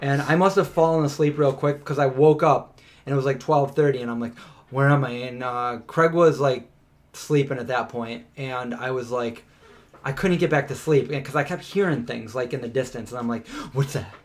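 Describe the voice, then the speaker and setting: A man co-hosting a live question-and-answer stream, telling a story in a casual, animated way with lots of filler words. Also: medium pitch, moderate pace. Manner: animated, chatty, many "like" fillers.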